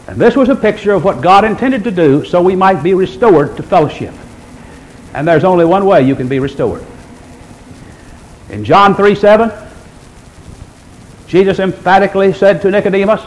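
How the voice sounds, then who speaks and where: A man with a high voice preaches a sermon, reading old-fashioned scripture wording aloud. He swings from loud, emphatic lines down to hushed, low passages. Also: lively intonation, brisk, pauses often, rough recording. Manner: reads scripture in King James wording.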